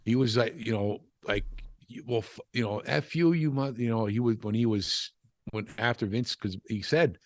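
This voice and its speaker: A man's voice: mid-range voice, normal speed, dry recording, clean studio sound. An older man, a former wrestler, telling stories in a casual interview, rambling with frequent restarts and "you know" asides. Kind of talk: casual storytelling chat.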